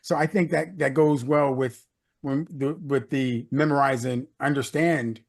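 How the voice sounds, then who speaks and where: A middle-aged American leadership consultant, a guest telling a personal story in a casual interview, with many "uh"s and "you know"s. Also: male voice, medium pitch, fairly even intonation, a little slow, vocal fry. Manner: anecdotal, repeats words, many "uh" and "you know".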